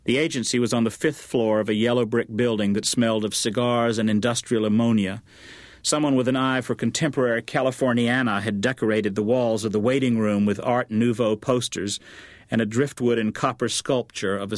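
A male audiobook narrator reading fiction in an even, measured manner. His voice sits in a middle pitch on a dry studio recording. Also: dry recording. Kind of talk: scripted narration.

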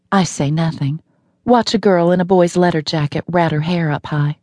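A woman's voice: low-pitched, moderate pace, darkish tone, no room sound. A woman narrating a novel in the first person, wry and matter-of-fact, recorded in a studio. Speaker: audiobook narrator.

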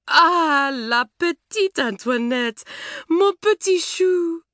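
A woman voicing a plump, effusive middle-aged French schoolmistress with a French accent, loud and exclamatory. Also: very high voice, lively intonation, slow pace, no echo, studio quality, voice pushed up, exaggerated voice. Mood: gushing. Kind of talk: audiobook character voice.

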